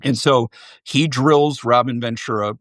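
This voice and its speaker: A man's voice: mid-range voice, fairly even intonation, unhurried, fairly bright tone, no echo. A middle-aged man, a former baseball executive, chatting candidly as an interview guest with anecdotes and self-deprecating humor. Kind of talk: casual interview chat.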